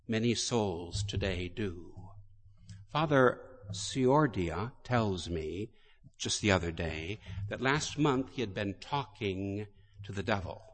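A priest delivers a sermon slowly and deliberately, dwelling on each phrase. His voice is low. A long reverb from a large church trails every line. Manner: slow, deliberate storytelling.

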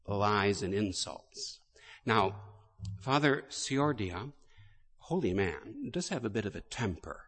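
A man, a priest, delivering a sermon slowly and deliberately in a large church. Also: lowish voice, lively intonation. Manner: slow, deliberate storytelling. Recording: long hall reverb.

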